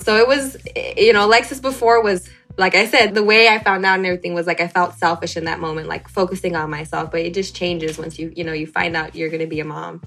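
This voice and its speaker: A woman's voice: fast, creaky, hardly any pauses, soft background music. A young woman, a guest in a casual interview, recounting a personal story and acting out the dialogue with big jumps in her voice. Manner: animated, acts out quoted dialogue with big pitch jumps.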